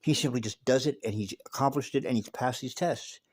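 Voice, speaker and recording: A man tells a story in a loose, spoken monologue. He is emphatic and swears often, restarting with repeated words. His voice sits in a middle pitch and sounds dry and close. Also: brisk, a little mellow, no room sound. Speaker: speaker telling a story.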